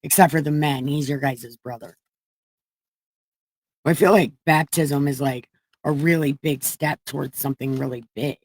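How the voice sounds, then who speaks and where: A woman's voice: deep voice, fairly even intonation, moderate pace, a little mellow, no echo, rough recording. Irreverent swearing woman reading scripture. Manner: irreverent, profane, emotional, chatty. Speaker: livestream Bible reader. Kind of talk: comedic casual Bible reading.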